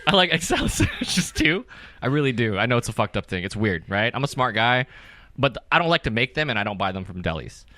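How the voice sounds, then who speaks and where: A young adult man from California doing stand-up comedy at an open mic, energetic and profane, often checking with the crowd. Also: medium pitch, brisk, no echo. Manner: energetic, profane, keeps asking the crowd "right?".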